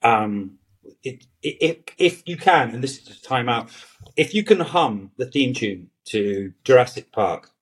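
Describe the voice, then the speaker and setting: A man's voice: mid-range voice, animated, unhurried. Rambling, hesitant man chatting casually. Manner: rambling, hesitant, with many restarts and fillers. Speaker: guest actor. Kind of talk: casual podcast chat.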